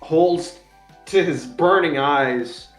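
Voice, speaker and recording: A man's voice: fairly high pitch, drawn-out words, reverberant, faint music behind. A man narrating a tabletop game as game master, drawing out his descriptions.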